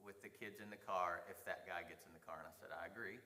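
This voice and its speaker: A man teaching a church Sunday class, telling a story in an animated way, often laughing and acting out the lines of the people in it. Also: low-pitched, fast talker, big-room sound. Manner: animated, laughing, acts out quoted dialogue.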